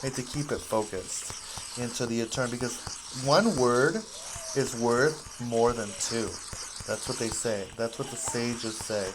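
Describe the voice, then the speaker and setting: A man's voice: mid-range voice, a little slow, background noise. A man giving casual, rambling gameplay commentary, goofy and self-mocking as he plays.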